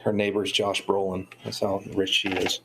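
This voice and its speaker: A man's voice: deep voice, completely flat delivery, moderate pace, vocal fry, background noise. A man from North Georgia, chatting casually and bluntly, with a lot of swearing. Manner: profane and blunt. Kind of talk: casual chat.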